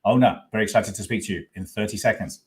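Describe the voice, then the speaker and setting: A man's voice: fairly low pitch, quick pace, darkish tone. Enthusiastic man hosting an online expo. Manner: enthusiastic, effusive welcomes. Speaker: host.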